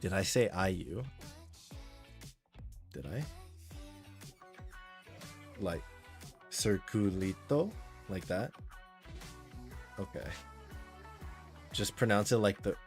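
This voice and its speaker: A man's voice: low-pitched, animated, slow, long pauses, soft background music. A man streaming a game live, chatting casually with viewers in a rambling, friendly way and reading chat aloud.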